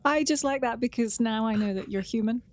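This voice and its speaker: A woman's voice: a little high, darkish tone. A woman co-hosting a podcast, chatting casually and teasing her partner. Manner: teasing, quick to laugh. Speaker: podcast co-host. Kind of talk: casual chat.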